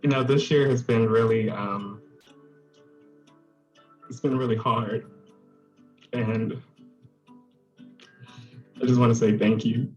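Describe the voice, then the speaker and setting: Brief: young man, slow and hesitant, muffled lo-fi sound, faint music. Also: medium pitch, steady tone, a little mellow. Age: young adult. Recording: dull lo-fi audio.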